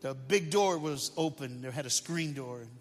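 A man's voice: medium pitch, moderate pace. A man preaching as a guest speaker, telling a story in a dramatic, colloquial way. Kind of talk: sermon storytelling. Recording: long hall reverb, faint music.

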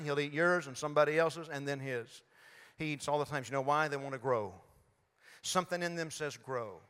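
An older man preaches to a congregation, spinning folksy, joking stories. His voice sits a little high for a man. The sound rings with the long reverb of a large sanctuary. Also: bright, forceful tone, clean tone. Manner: folksy storytelling with humor. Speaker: guest preacher. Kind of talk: sermon. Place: church sanctuary.

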